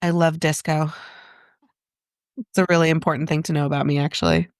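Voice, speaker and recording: Low, smooth-voiced reflective woman. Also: steady tone, fairly quick, no echo. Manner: reflective, self-questioning, laughs often. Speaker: interview guest, therapist. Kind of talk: casual interview conversation.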